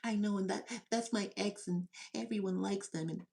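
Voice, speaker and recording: A man's voice: high voice, steady tone, moderate pace, gravelly, a little mellow, pitched above the performer's own voice. A man voicing a self-pitying gossip who whispers complaints and plays the victim. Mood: plaintive.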